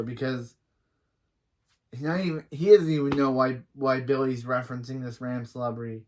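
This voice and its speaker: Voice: mid-range voice, steady tone, a little slow, darkish tone. Rambling reaction host recapping an episode. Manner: rambling, with many restarts.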